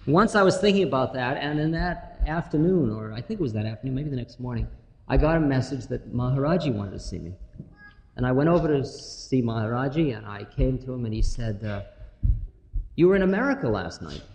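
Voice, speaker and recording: A man's voice: medium pitch, animated, fairly quick. Man, spiritual lecturer, amused storyteller, recorded in a hall with long reverb. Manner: wry, laughing, musing, playful asides. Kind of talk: storytelling talk.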